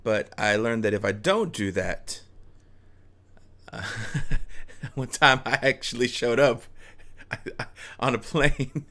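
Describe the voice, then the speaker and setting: A man's voice: mid-range voice, slow pace, pauses often, pushed and bright. A man casually telling a personal story, rambling with restarts and chuckles.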